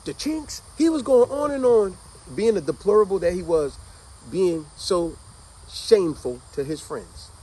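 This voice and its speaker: A man's voice: high voice, lively intonation, measured pace, warm tone, a little hiss or hum, rough recording. A man casually and animatedly retelling a story to his listeners, speaking conversationally.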